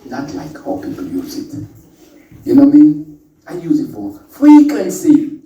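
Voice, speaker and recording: This workshop speaker has a fairly high, warm voice, animated and at a moderate pace, and the audio sounds dull. He gives a relaxed, joking talk to a group in an indoor meeting room, teasing listeners with puns and calling out to them. Echo fills the room, and the mic sits far from him.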